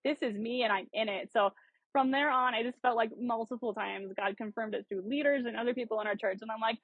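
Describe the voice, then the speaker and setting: A woman's voice: a little high, quick pace, no room sound, lo-fi sound. A woman in her thirties from South Dakota, a bubbly podcast guest telling her story with lots of laughs and fillers. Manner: bubbly, animated, laughs often, many "like" fillers. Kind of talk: casual storytelling interview.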